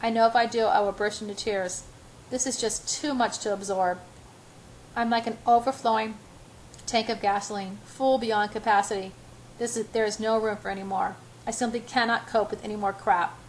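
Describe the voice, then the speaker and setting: A woman's voice: mid-range voice, fairly even intonation, normal speed, slight background noise, rough recording. A woman narrating a romance novel in the first person as an amateur audiobook, with small slips and restarts.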